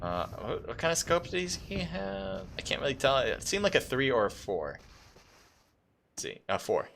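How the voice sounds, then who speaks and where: A man doing live esports commentary on a mobile battle royale match, calm and explanatory, with loud excited bursts at big plays. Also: mid-range voice, normal speed, vocal fry, slight background noise. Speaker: esports caster.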